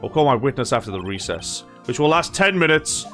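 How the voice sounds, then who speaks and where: A man's voice: medium pitch, sing-song, fairly quick, pushed and bright, soft background music. A man voicing a stern, fussy elderly male judge in a video game, with formal speech in a slightly raised voice. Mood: pompous.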